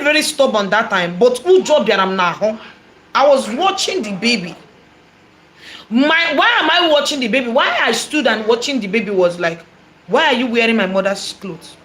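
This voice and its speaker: A prophetess with a Nigerian accent shares a testimony from her own life, telling it with animation and lots of repetition while dropping in Igbo expressions. Her voice is on the high side.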